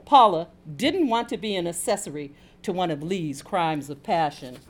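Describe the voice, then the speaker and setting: A woman from Chicago, an author reading a chapter of her own fiction aloud with a playful, animated manner. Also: lowish voice, normal speed, slight background noise.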